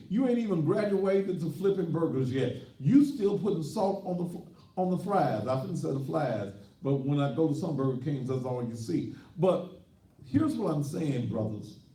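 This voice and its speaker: Recorded from a distance in an echoey room, this pastor's voice is on the high side and mellow. He hosts a call-in talk show, ranting in a brash, boastful, mocking way, off the mic.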